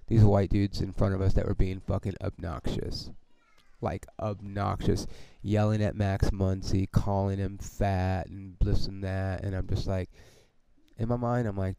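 A podcast host with a low, gravelly voice and a dark tone tells a story in a casual, animated rant. He swears constantly and keeps tossing in "dude" and "okay?". The sound is close and dry, with no room echo. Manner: heavy swearing, heated and animated; frequent fillers like "dude" and "okay".

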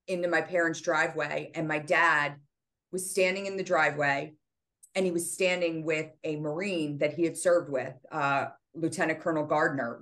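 This is a low-pitched, fairly bright female voice. She's a middle-aged author from the United States, a guest on a podcast, earnestly telling the story of a painful loss in her family, full of fillers, in an interview setting.

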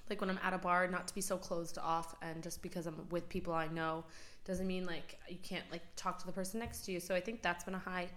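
A young woman from the United States joins a casual podcast chat, thinking out loud with frequent ums. Her voice sits somewhat low for a woman, and her delivery stays easygoing and reflective. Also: fairly even intonation, brisk. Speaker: podcast co-host.

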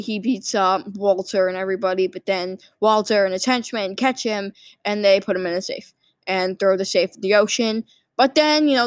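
A woman's voice: medium pitch, clear, resonant tone, no echo. A sleepy woman casually rambling through a movie plot summary, full of fillers and restarts. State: sleepy, yawning. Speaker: movie recap vlogger.

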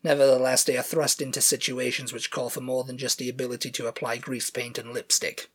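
Brisk and level, his medium-pitched voice sounds a bit bright with a breathy edge. He's a British podcast co-host whose rambling, filler-packed casual chat occasionally turns to reading out show synopses.

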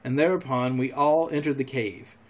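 Man reading an adventure story aloud. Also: mid-range voice. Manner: measured, expressive narration. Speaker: podcast storyteller.

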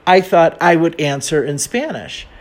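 A man's voice: a little high, sing-song, normal speed. An American man telling a self-mocking travel story in a chatty, casual way, with many fillers. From United States.

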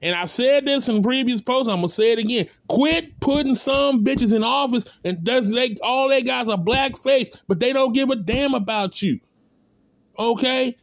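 A man's voice: very high-pitched, normal speed, dry recording. A man giving a blunt, impassioned spoken rant, hammering points with repeated rhetorical calls and casual speech. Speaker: commentator.

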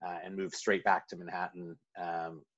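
A man's voice: low-pitched, flat delivery, moderate pace, fairly bright tone. A man with a neutral American accent, a guest in a casual interview, telling stories with many fillers and restarts. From New York City. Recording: muffled lo-fi audio.

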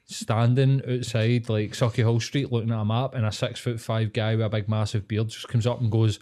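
A man's voice: fairly low pitch, flat delivery, warm tone. A Glaswegian man co-hosting a podcast, telling stories in sweary casual chat and acting out other people's lines. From Scotland. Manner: sweary storytelling with quick acted-out voices. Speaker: podcast co-host.

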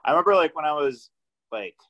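A man's voice: fairly high pitch, expressive, fast, fairly bright tone, muffled recording. A young man hosting a podcast, chatting in a laid-back way, swearing often and leaning on fillers. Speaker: podcast host. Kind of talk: casual chat.

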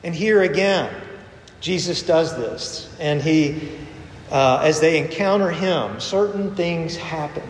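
A man's voice: on the high side, takes it slowly, slight background noise. A middle-aged man pastor giving a conversational sermon, telling stories and acting out the voices he quotes. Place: church sanctuary. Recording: echoey long reverb of a sanctuary.

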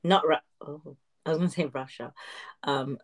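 A woman's voice: sits low, steady tone, normal speed. A woman co-hosting a podcast, talking bluntly and sarcastically in casual chat about a reality show. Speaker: podcast co-host.

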